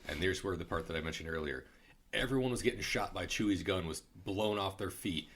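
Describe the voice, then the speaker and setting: A young adult man co-hosting a podcast, chatting casually and telling animated stories about a film, with laughs and swearing. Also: low-pitched, brisk, a little hiss or hum. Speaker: podcast co-host. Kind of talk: casual movie review chat.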